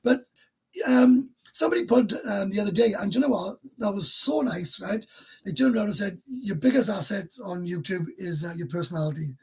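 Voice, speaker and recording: Chatty husky Welsh man in his fifties. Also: high-pitched, lively intonation, fast. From Wales. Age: 50s. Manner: chatty and emotional, laughs between sentences. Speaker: livestream host. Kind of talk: casual livestream chat. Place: bedroom.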